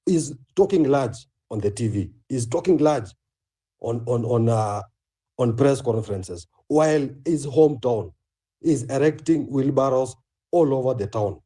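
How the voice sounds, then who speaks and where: A Kenyan man speaks bluntly and angrily, swearing as he makes his points. His voice is very dark and mellow at a middle pitch. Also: expressive, measured pace. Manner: angry, blunt, profane. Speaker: speaker in a live online audio room. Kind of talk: angry protest speech.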